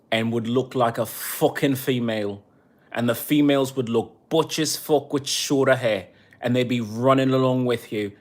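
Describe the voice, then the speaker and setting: A man streaming live, ranting in a heated, profane way and turning sarcastic as he reads the chat. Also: medium pitch. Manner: sarcastic when reading chat. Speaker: livestreamer. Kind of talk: angry livestream rant.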